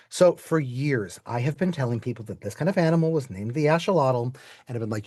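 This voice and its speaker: A man's voice: fairly high pitch, sing-song, moderate pace, dry recording, studio quality. A man teaching a live online class to children, playful and chatty, quizzing students and asking them to type their answers in the chat.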